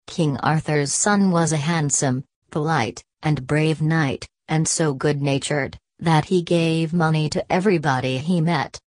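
Rich: a woman with a low voice narrating a bedtime audiobook, slow and soothing. The recording is dry and close. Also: fairly even intonation, darkish tone, no echo.

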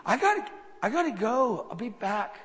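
A man's voice: very high voice, big pitch swings, normal speed, fairly bright tone, voice pushed up, full character voice. A male preacher voicing an astonished young waitress who is overwhelmed and exclaiming, within a sermon. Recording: long reverb of a large hall.

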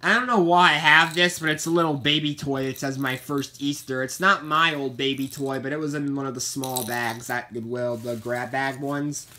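A man's voice: mid-range voice, fairly even intonation, normal speed, hardly any pauses, bright, forceful tone, a little hiss or hum. A man casually rambling through a show-and-tell of his plush toy collection, chatty and meandering, often repeating himself.

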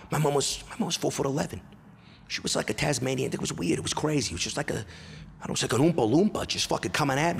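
A male comedian telling stories from his youth on stage, profane and animated. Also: a little high, gravelly, husky. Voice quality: profane, animated, quick shifts into character voices. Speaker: stand-up comedian. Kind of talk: stand-up storytelling. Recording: long echo of a hall.

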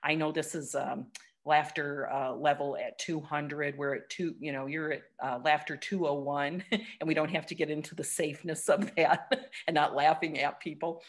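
A woman with a low voice leads a laughter workshop over a video call. She is encouraging and laughs often, and she breaks into loud chants. The call audio is noisy. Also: fairly even intonation, normal speed. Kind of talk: online workshop talk.

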